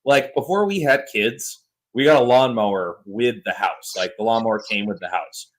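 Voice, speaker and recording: On this rough recording, a thirties-aged male podcast co-host speaks at normal speed with a medium-pitched voice. He's an animated storyteller, stretching and exaggerating his tales in a relaxed, chatty style.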